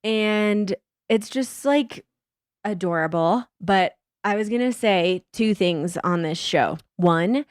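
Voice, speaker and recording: Woman co-host, chatty and giggly, medium pitch, dry close mic. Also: slow pace, clear, resonant tone, no room sound. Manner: giggly, animated, swears casually. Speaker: podcast co-host. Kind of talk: casual chat.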